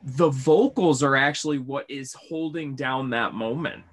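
A man's voice: medium pitch, a little slow. A man in a casual music podcast chat, searching for his words.

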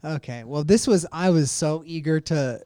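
Higher-voiced man, animated podcast chatter. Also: normal speed, clear, resonant tone, no echo, clean studio sound. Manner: animated, often acts out quoted people; laughs often mid-sentence. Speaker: podcast co-host. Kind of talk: casual chat.

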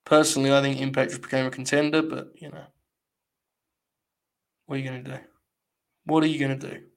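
A man's voice: medium pitch, little pitch movement, fairly quick, gravelly. A young man hosting a live stream, giving blunt, sarcastic, casual commentary and swearing freely.

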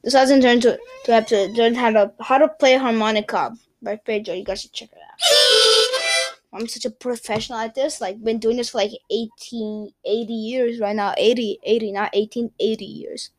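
A young woman chats casually to her viewers. Her voice sits a little high, and she rambles, giggles and stumbles over unfamiliar words. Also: steady tone, normal speed, over loud music. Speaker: vlogger.

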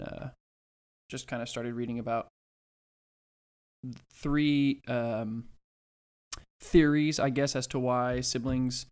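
A man's voice: medium pitch, darkish tone, clear, resonant tone. A man co-hosting a podcast in casual chat, rambling and hesitant, with lots of restarts and dry sarcastic asides. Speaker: podcast co-host.

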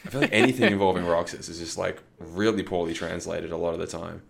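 A man's voice: sits low, fairly even intonation, quick pace, gravelly, a bit bright. A man speaking as a guest on a casual podcast, ranting in exasperation and laughing often.

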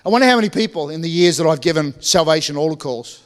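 High-voiced pastor in a reverberant church. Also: male voice, expressive, quick pace, clear, resonant tone. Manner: conversational, joking asides, frequent restarts. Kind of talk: sermon.

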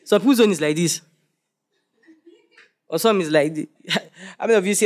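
A man's voice: high voice, a little fast, long pauses. Man preaching with playful questions. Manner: animated, jokes and quizzes the congregation. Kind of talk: sermon.

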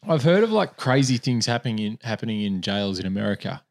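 A man's voice: fairly low pitch, sing-song, quick pace, gravelly. A man co-hosting a podcast in casual chat, easygoing and swearing casually, with the hiccups. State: has the hiccups. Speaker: podcast co-host.

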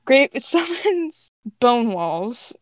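A woman's voice: fairly high pitch, big pitch swings, drawn-out words, dry recording, muffled recording. A woman co-hosting a podcast, reading a roleplay aloud casually, giggling, stumbling over words and adding jokes. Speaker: podcast co-host.

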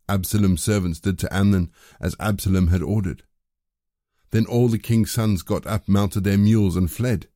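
A man reading scripture as scripted narration, measured and even. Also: on the low side, dry recording, studio quality. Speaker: scripture reader.

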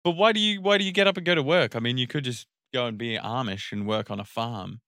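A man's voice: mid-range voice, quick pace, pushed and bright, no echo, studio quality. A man co-hosting a podcast in casual chat, laughing easily, swearing casually and steering the conversation. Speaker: podcast co-host.

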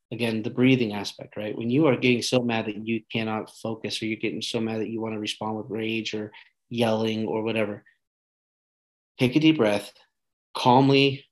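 A man's voice: lowish voice, poor audio. A man hosting a podcast, giving earnest parenting advice in a casual monologue and often checking in with "right?".

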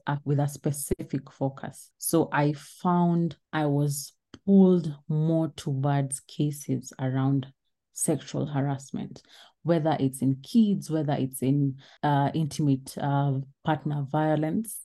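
A woman's voice: sits low, steady tone, takes it slowly, mellow. A woman in her thirties, a lawyer and guest, giving an earnest and reflective personal account in an interview. Her voice is shaky. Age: 30s. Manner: earnest, reflective, sometimes trailing off.

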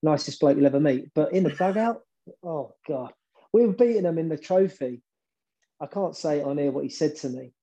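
Dark-voiced man with animated storytelling. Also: a little high, normal speed. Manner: animated, repeats words as he builds a story. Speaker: former football manager, guest. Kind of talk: storytelling interview.

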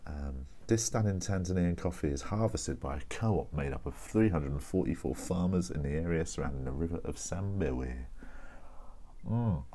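A man's voice: low voice, normal speed, dark tone. A man hosting a podcast, chatting casually and rambling at his desk, often correcting himself. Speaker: podcast host. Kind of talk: casual solo chat.

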